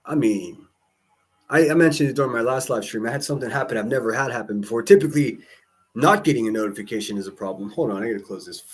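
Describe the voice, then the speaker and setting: A man's voice: medium pitch, fast talker, husky. A man, livestreaming in casual chat, rambling with profane jokes and asides.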